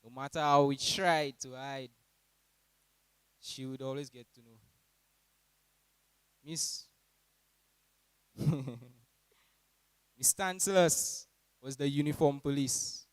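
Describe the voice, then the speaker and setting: A young man in his late teens with a Saint Lucian accent, giving an animated, humorous graduation speech about his teachers. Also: slow, pauses often, smooth, dry recording, poor audio. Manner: animated, mimics teachers in high voices.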